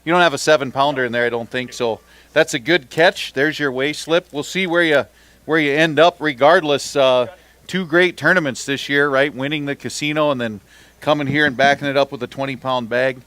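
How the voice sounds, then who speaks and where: A man's voice: mid-range voice, a little fast, fairly bright tone. A man emceeing a fishing tournament weigh-in, reading out weights and teasing the anglers in a joking, upbeat way. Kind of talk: live announcing and bantering with anglers.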